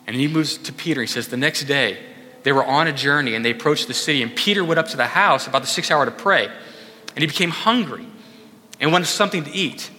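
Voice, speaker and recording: A man's voice: on the high side, a little fast, bright, forceful tone. A pastor delivering a conversational sermon, acting out quotes as he goes. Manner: conversational preaching with acted quotes. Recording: echoey hall.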